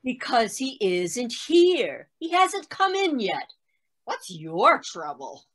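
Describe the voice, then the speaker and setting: A woman's voice: a little high, big pitch swings, takes it slowly, a bit bright, full character voice. A woman playing a cheeky boy clerk who answers offhandedly. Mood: offhand.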